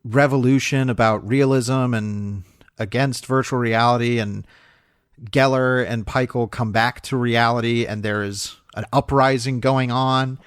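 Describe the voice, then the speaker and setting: A man co-hosts a film podcast in a loose, rambling way, full of fillers and half-finished starts. His voice sits at an ordinary middle pitch. The room is very dry, with no echo at all. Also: steady tone, unhurried, clean tone. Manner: rambling, many fillers and restarts, laughs often. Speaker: podcast co-host. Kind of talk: casual film review chat.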